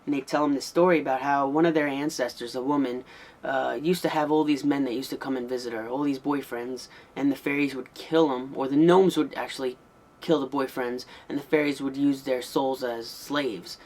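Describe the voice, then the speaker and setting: A man talks through an old horror tape in a loose, conversational review. His voice sits in an ordinary middle pitch, and he rambles, restarts his sentences and fills gaps with ums as he goes. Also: steady tone, normal speed, darkish tone. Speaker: VHS movie reviewer. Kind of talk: casual spoken review.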